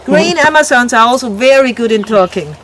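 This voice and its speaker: A woman's voice: fairly high pitch, brisk, a little hiss or hum. Woman guide giving an outdoor tour. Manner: lively, explanatory, mimics animal sounds. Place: outdoor wildlife sanctuary with a tour group. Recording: crowd chatter and animals behind.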